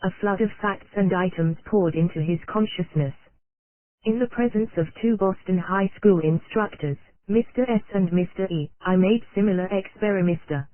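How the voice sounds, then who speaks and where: Audiobook narrator, even machine-like reading, thin phone-line tone, dry and close. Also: medium pitch, normal speed, no echo. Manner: steady, unvaried reading that spells out abbreviations letter by letter. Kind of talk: audiobook narration of an old nonfiction text. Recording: dry, tinny phone-like sound.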